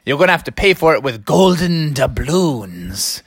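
A woman voicing a gruff male pirate who sells ice cream, using pirate talk in a bossy, growly manner. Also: deep voice, very animated, moderate pace, no echo, studio quality, exaggerated voice.

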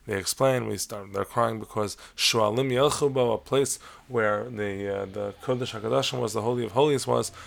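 Gravelly-voiced man teaching a Torah lesson. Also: fairly low pitch, fairly even intonation. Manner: measured, explanatory, sprinkles Hebrew terms. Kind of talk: lecture-style lesson on Talmud stories.

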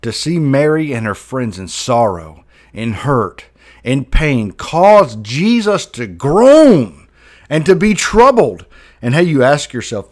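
A man's voice: mid-range voice, big pitch swings, slow pace. A man preaching a Bible sermon fervently, voice rising and dropping sharply for emphasis.

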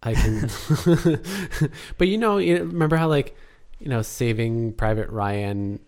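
A man's voice: mid-range voice, animated, slow pace, a little mellow. A man co-hosting a casual chat about a film, talkative, laughing often and trailing off mid-sentence. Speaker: podcast co-host.

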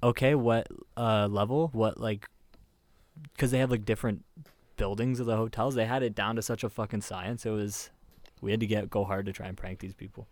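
A man's voice: fairly low pitch, little pitch movement, quick pace, no room sound. A man, co-hosting a casual podcast and telling jokey stories with casual swearing. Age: 20s. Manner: storytelling, joking, swearing. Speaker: podcast co-host. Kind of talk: casual chat.

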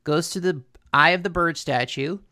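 A woman's voice: low voice, moderate pace, sharp tone. A woman co-hosting a casual chat, recapping a cartoon episode in a rambling way with lots of fillers and restarts. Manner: rambling, filler-heavy storytelling with frequent restarts.

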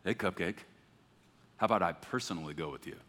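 A man voicing a calm, fatherly deity who speaks low and softly. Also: a little fast. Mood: gentle. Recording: echoey hall.

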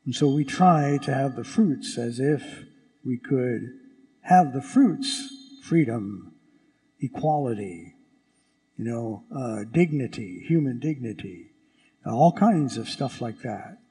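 A man who is a priest preaching a sermon in a church. He speaks emphatically, asking rhetorical questions and stressing words slowly. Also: medium pitch, expressive, dark tone. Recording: long church reverb.

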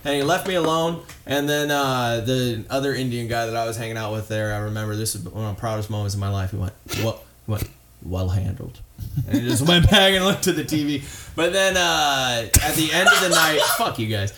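A man's voice: medium pitch, brisk, a crowd in the background. A man telling a rowdy story on a podcast, swearing, rambling and laughing through it. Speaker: guest comedian telling a story.

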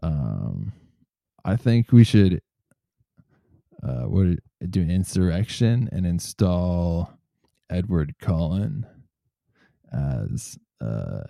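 A man hosting a casual comedy podcast, swearing freely and reading news quotes aloud in a relaxed, joking way. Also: low voice, very slow, vocal fry, long pauses, no echo, studio quality. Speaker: podcast host.

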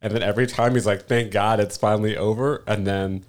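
A man co-hosting a casual podcast, animated, swearing freely and laughing often as he tells stories. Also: on the low side, a little fast. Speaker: podcast co-host. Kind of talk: casual chat.

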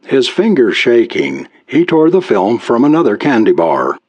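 A man reading a story aloud as an audiobook narrator, in a measured storytelling manner. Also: medium pitch, wildly swooping pitch, a little mellow, no echo, lo-fi sound.

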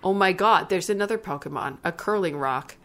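A woman from Canada co-hosting a casual chat, excitable and laughing often, full of slang. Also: lowish voice, a little fast. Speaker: podcast co-host.

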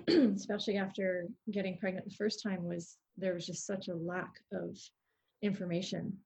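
A woman guest who works in prenatal fitness, explaining her views thoughtfully, with pauses and fillers. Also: mid-range voice, vocal fry, a little mellow. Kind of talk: casual conversation.

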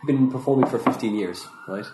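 A man's voice: medium pitch, fast talker, heavy background noise. A man interviewing a comedian, asking questions in a hesitant way that stumbles and restarts. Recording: echoey room, off-mic.

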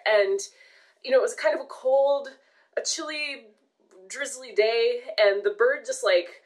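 A woman telling a long personal story in casual podcast chat, animated and swearing casually. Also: a little high, a little slow, rough recording.

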